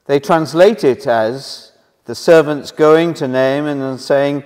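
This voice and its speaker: Slow, earnest preacher man in a church hall. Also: a little high, a little mellow. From Wales. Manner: slow, earnest, rising and falling emphasis. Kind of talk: sermon.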